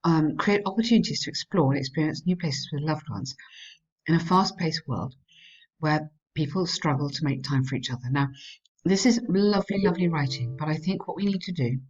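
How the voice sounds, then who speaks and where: A woman's voice: low-pitched, fairly quick, darkish tone, husky. Encouraging woman tutor, lo-fi sound. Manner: encouraging, frequent praise, reads student text aloud. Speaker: English writing tutor. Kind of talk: essay feedback lesson.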